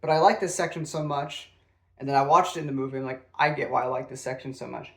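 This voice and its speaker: A man's voice: mid-range voice, level tone, fast. A man casually reviewing a classic novel, rambling and self-deprecating, with frequent fillers. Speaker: book reviewer.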